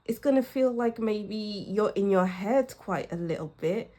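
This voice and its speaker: A young woman reading tarot for her viewers in a casual, musing way, often searching for words and laughing softly. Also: mid-range voice, a little slow. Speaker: tarot reader.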